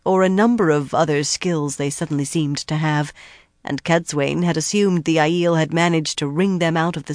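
An audiobook narrator reads fantasy prose in a steady, even way. The voice sits at a middle pitch, and the recording is dry and close, with no room sound. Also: dry recording.

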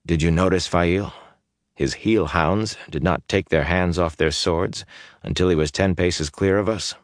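A man's voice: low-pitched, unhurried, no echo, clean studio sound. A man reading an audiobook voices a blunt young man who keeps his voice level and restrained. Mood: guarded. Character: blunt, guarded young man with yellow eyes.

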